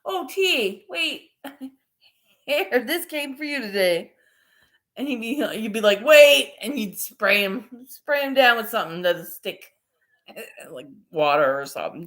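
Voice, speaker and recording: A woman's voice: medium pitch, fairly bright tone. A woman vlogger in casual chat, rambling and laughing often as she talks. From Newfoundland, Canada.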